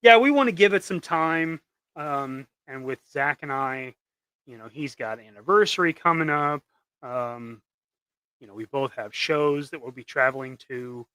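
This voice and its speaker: At normal speed and medium pitch, a man speaks brightly and forcefully with a clean tone and no echo. He streams live while painting custom action figures, joking around with viewers, rambling, and restarting his lines many times.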